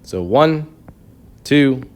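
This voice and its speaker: A man's voice: mid-range voice, expressive, drawn-out words. A man teaching a chemistry review lesson, explaining step by step with a patient manner and frequent checks of "okay". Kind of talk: recorded classroom review lesson.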